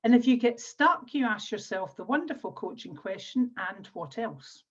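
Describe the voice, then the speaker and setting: A woman with a Scottish accent, an NLP trainer and coach, runs a live online workshop and instructively guides exercises step by step, frequently repeating herself. Her voice is a little high, animated and slightly rough at normal speed, and the webinar audio from the video call is dull and lo-fi.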